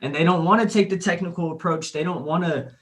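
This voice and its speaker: A man's voice: on the high side, fast talker, a bit bright, rough recording. A blunt man who swears casually while chatting on a podcast. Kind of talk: casual chat.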